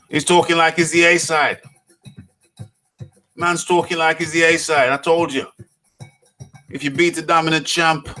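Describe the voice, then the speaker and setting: A man's voice: fairly high pitch, pushed and bright. A man hosting a live boxing talk show, joking, laughing and reading viewer comments aloud. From United Kingdom. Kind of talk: live call-in chat.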